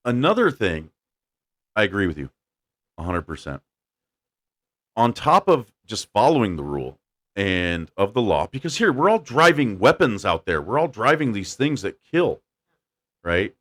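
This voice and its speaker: A man hosting a casual podcast, telling stories with lively acted-out quotes and blunt opinions. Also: fairly low pitch, moderate pace, pauses often. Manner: animated storyteller, acts out quotes. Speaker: podcast host. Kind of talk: casual chat.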